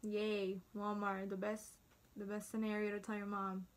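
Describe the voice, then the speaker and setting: A woman's voice: mid-range voice, completely flat delivery, moderate pace. Chatty teen girl telling a story. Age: teens. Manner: chatty, dramatic, acts out quotes. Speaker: vlogger. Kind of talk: casual storytime.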